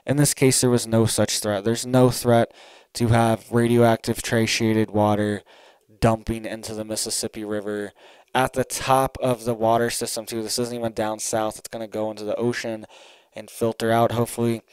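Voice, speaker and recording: Man, solo commentary, urgent, emphatic, smooth voice, dry close sound. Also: fairly low pitch, flat delivery, normal speed, a little mellow, no echo, rough recording. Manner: urgent, emphatic, keeps asking "all right?". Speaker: online commentator.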